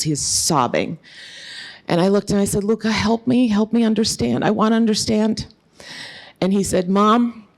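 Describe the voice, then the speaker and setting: A woman's voice: mid-range voice, darkish tone. Middle-aged woman, conference speaker, earnest, emphatic, storytelling. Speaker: author and speaker. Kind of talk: conference talk.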